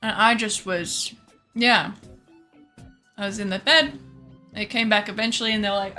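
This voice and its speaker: A woman streamer casually telling her chat a story, animated and laughing often, acting out what others said and swearing freely. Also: mid-range voice, moderate pace, long pauses. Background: faint background music.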